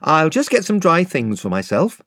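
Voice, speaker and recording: Man voicing a young king, courteous, brisk, eager, raised lively pitch, audiobook character. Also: no echo, clean studio sound. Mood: hospitable.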